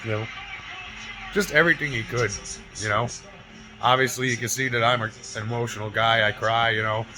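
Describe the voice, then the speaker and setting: A man's voice: medium pitch, fairly even intonation, a little fast, rough recording. A man in his forties telling a painful personal story to camera, emotional and near tears, swearing freely and often tagging his sentences with "right?" and "you know?". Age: 40s. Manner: raw, profane, keeps adding "right?" and "you know?". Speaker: fitness vlogger. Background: music.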